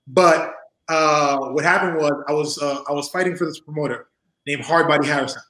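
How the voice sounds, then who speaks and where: A man in his forties with a somewhat high voice, appearing as an interview guest over a video call, tells stories casually and fairly quickly. He is loose and animated, laughs often, and slips into the voices of the people he describes. His home room makes the sound echo.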